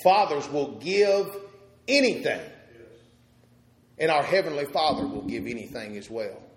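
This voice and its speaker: A man preaching a sermon, telling a story with pauses and repeated words, swinging from loud to soft. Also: a little high, expressive, very echoey, low-quality recording.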